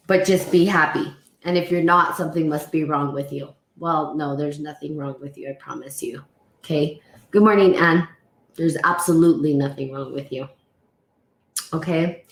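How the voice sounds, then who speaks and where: A woman talks to her live-stream viewers in a reflective, reassuring way, pausing on fillers and greeting people by name. Her voice sits low for a woman, and the room around her echoes noticeably. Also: steady tone. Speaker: podcast host. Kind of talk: live-stream talk reading aloud from a book.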